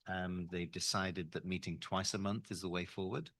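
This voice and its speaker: A man gives the superintendent's report at a school board meeting, measured and pausing on fillers. His voice is very deep. The sound is dry and close. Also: fairly even intonation, a bit bright, dry recording.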